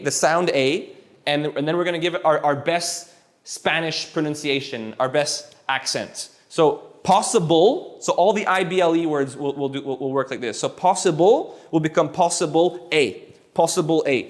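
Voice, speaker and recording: A man with a slightly high voice teaches a live class of students. He sounds relaxed and encouraging, often restarting and repeating his sentences as he coaxes answers out of the room. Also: normal speed. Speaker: Spanish teacher.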